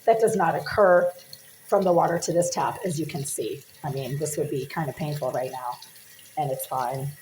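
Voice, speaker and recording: A woman recording a self-made monologue inside her apartment, speaking intensely and insistently in long run-on sentences, her voice husky and smoky-sounding, with the distance to her handheld phone shifting as she moves between rooms. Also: sits low, normal speed, darkish tone, a little hiss or hum. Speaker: vlogger documenting at home. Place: indoors in a small apartment, kitchen, hallway and bathroom.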